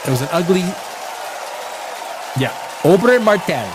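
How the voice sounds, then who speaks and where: A man hosting a live stream, ranting casually with profanity, jumping between loud outbursts and low mutters. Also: big pitch swings, normal speed, crowd noise, noisy background. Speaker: live show host.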